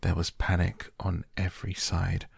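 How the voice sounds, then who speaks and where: A man narrating a classic novel as a soft, slow, hushed bedtime story reading. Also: low voice, monotone, gravelly, husky, dry recording, clean studio sound. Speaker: audiobook narrator.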